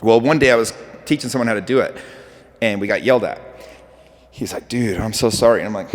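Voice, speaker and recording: A man giving a motivational talk to an audience, telling animated stories with acted-out quotes. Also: on the low side, fast, long pauses. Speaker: speaker. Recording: hall with reverb.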